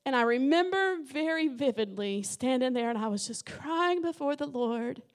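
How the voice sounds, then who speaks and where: A middle-aged woman delivers a Pentecostal sermon as a guest preacher. Her voice sits high, and she speaks with fervent, impassioned conviction that climbs into shouting. She is preaching in a church sanctuary. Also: animated, normal speed.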